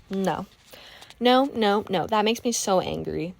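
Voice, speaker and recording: A young woman chatting casually while painting, telling a work storytime in an animated, exclamatory rant. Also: mid-range voice, unhurried, gravelly, dry recording. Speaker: art vlogger telling a story time.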